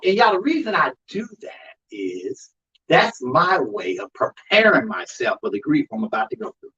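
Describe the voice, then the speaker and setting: A man's voice: on the high side, huge pitch swings, moderate pace, sharp tone, breathy edge, highs cut off. A man who works as an undertaker and hosts a show, talking emphatically about grief in a preaching style and calling out to the audience. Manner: emphatic, calls out to the audience with "y'all".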